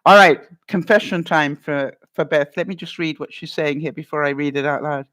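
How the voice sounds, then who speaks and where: A woman's voice: low voice, steady tone, normal speed, fairly bright tone. A middle-aged woman vlogger chatting casually with her live chat, reading out comments, laughing often and acting out little voices.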